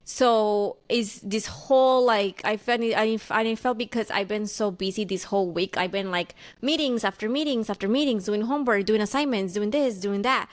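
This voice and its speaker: A woman's voice: mid-range voice, normal speed, hardly any pauses. A young adult woman co-hosting a podcast, candid and rambling in casual chat, often questioning herself. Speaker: podcast co-host.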